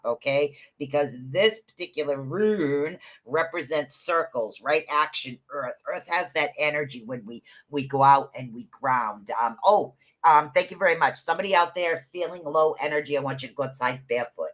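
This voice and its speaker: A man's voice: on the high side, bright, forceful tone. A man hosting a casual livestream rune reading. He talks in a chatty, rambling way, repeats words, and calls his listeners honey. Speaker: podcast host giving live rune readings.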